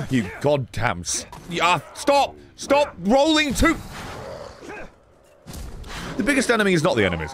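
Game streamer, excitable and foul-mouthed, swoops all over. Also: male voice, on the high side, moderate pace, background noise. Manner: excitable, swearing, yelling at the game. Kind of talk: live gameplay streaming chat.

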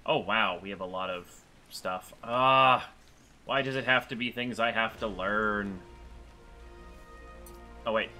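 A man's voice: on the low side, slow, pauses often, pushed and bright, soft background music. A man hosting a multiplayer game session in casual chat, joking with puns and explaining the setup.

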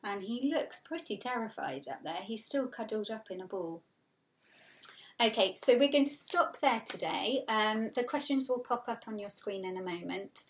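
A woman's voice: mid-range voice, normal speed, a little hiss or hum. A woman, a primary school teacher giving a recorded storybook reading lesson, reading expressively and patiently explaining words. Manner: expressive read-aloud with patient vocabulary explanations.

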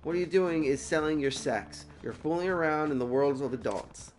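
A man's voice: fairly high pitch, normal speed, darkish tone, soft background music, close to an everyday voice. A man voicing a stern adult man who lectures a girl in a preachy way.

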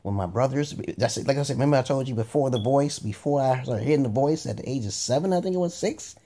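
A man's voice: mid-range voice, fast, mellow, slight background noise. A man talking in a profane, rambling monologue, cursing heavily and breaking into laughing asides. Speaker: vlogger.

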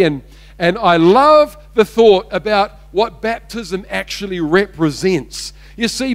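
A male pastor preaching a sermon to a church congregation, speaking emphatically, repeating his key lines and calling his listeners friends. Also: high voice. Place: church service before a congregation.

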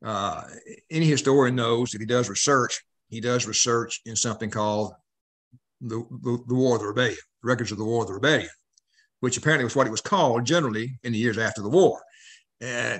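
A man's voice: medium pitch, brisk, a bit bright. A man interviewing an author at a book festival, asking long framing questions.

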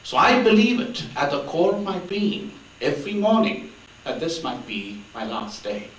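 A man giving a spiritual talk in a lively, rising-and-falling voice. He tells stories conversationally with light humor. The sound is echoey and picked up from some distance, with faint noise behind him. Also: on the high side, normal speed. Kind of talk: storytelling talk on spiritual life.

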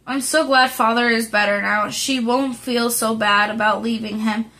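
A woman's voice: on the high side, steady tone, moderate pace, sharp tone. A woman reading the part of a spirited, impulsive teenage girl who speaks earnestly and emotionally, in an audiobook of a classic novel. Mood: weary.

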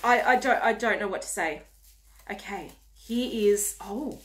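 A woman's voice: mid-range voice, measured pace, fairly bright tone. A young woman unboxing gifts for her vlog, gushing, gasping and squealing with delight. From Australia. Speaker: beauty vlogger.

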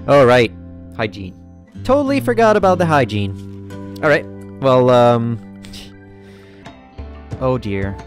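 A man giving sweary, animated let's-play commentary as a gaming YouTuber, laughing often. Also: mid-range voice, slow pace, pauses often, faint music behind.

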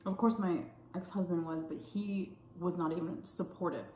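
Woman, thirties, Texan accent, casual vlog storytime, animated, swears a lot, echoey room. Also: moderate pace, a little hiss or hum. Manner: animated, swears freely, acts out quotes in a high voice. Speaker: food vlogger telling a story. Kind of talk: casual storytime while eating.

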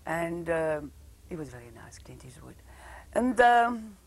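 A woman's voice: lowish voice, big pitch swings, measured pace. Theatrical older French-accented woman. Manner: theatrical, flirtatious, calls people darling. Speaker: interview guest, former film actress. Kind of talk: casual talk-show chat.

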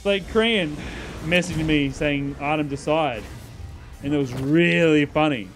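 Man, game streamer, sarcastic banter, frequent laughs, slightly high voice, faint music underneath. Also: unhurried. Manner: joking, sarcastic banter with chat, laughs often. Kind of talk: casual live-stream gaming chat.

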